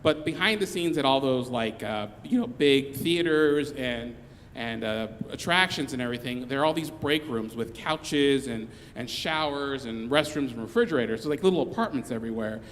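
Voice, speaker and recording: A man telling a comic story live on stage, rambling along with restarts and quick asides. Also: mid-range voice, lively intonation, big-room sound, a little hiss or hum.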